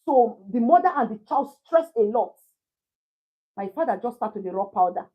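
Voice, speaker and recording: Husky-voiced Nigerian woman storytelling. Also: a little high, normal speed, muffled recording. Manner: animated, laughing, switches into pidgin. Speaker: livestream host. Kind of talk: casual storytelling to a live chat.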